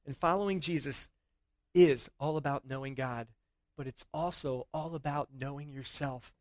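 A middle-aged man preaching a sermon in a church, earnest and rising to excited emphasis at times. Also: medium pitch, normal speed, dry recording. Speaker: pastor.

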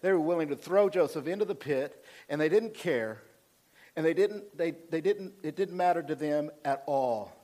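A senior pastor, a man with a somewhat high voice, preaches his sermon. He retells the scriptures in a lively, chatty way, swinging from forceful to hushed. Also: moderate pace. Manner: retells scripture in an animated, conversational way, swinging between loud and soft.

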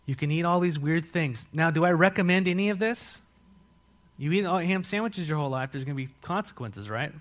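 A male pastor preaching a sermon, telling the story with lively rhetorical questions. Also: fairly high pitch, brisk.

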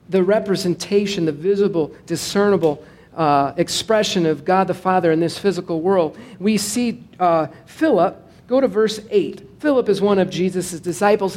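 A man, a pastor, preaching a sermon in a casual, digressive way, joking with the congregation and slowing down to stress scripture. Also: high voice, darkish tone. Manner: conversational and digressive, with jokes to the congregation.

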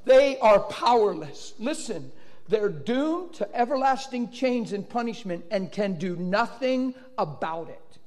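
Fervent high-voiced man preaching. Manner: fervent storytelling with sudden loud outbursts. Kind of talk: sermon testimony. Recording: long reverb of a large hall.

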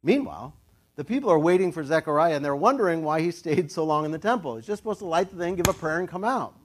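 Animated man telling a sermon story. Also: fairly high pitch, fast, slight background noise. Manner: animated storytelling, acts out quoted voices, laughs often. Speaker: pastor. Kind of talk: casual conversational sermon.

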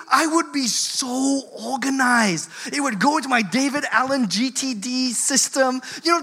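A speaker giving a storytelling talk to parents, animated and laughing through the story. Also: high voice.

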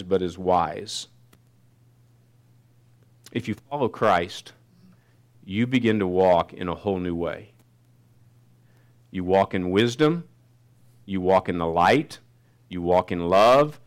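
A man preaching a sermon, reading scripture slowly and then telling a personal story. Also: fairly low pitch. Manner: slows down to read scripture, then tells a story. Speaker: pastor.

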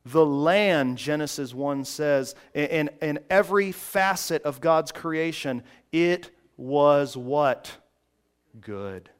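Slow, emphatic male preacher. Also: on the high side, smooth. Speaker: pastor. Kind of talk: sermon.

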